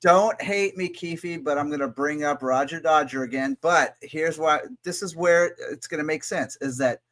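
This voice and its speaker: A man's voice: on the high side, normal speed, a bit bright. Rambling, enthusiastic male co-host. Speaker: podcast co-host. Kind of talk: casual chat reviewing an album.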